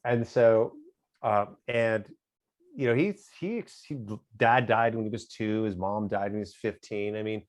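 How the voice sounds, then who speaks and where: Halting, reflective middle-aged man. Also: lowish voice. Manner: smiles a lot, halting and reflective. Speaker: interview guest. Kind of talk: casual interview talk.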